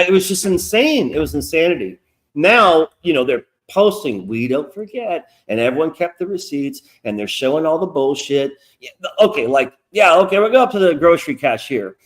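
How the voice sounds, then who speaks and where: A middle-aged man telling stories in a casual, profane interview chat, acting out quoted asides. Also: on the high side. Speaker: guest comic creator. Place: lives in North Carolina.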